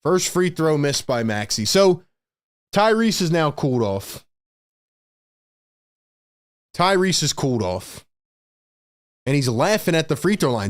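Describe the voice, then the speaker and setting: A man hosting a fan livestream, calling play-by-play in excitable, frustrated, slangy talk. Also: a little high, moderate pace, dry recording, clean studio sound. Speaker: host and play-by-play commentator.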